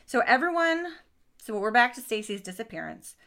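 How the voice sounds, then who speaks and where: A woman's voice: on the high side, moderate pace, gravelly. A woman hosting a podcast, casually recounting a true crime case with lots of asides and swearing. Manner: expressive, swears, frequent asides and restarts.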